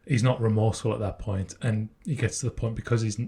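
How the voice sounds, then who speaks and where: A man co-hosts a podcast in a relaxed, speculative chat. His voice is husky and fairly low, with a mellow, dark tone. He often restarts his sentences as he works through ideas. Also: fast. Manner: thoughtful, speculative, frequent restarts. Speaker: podcast co-host. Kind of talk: casual chat.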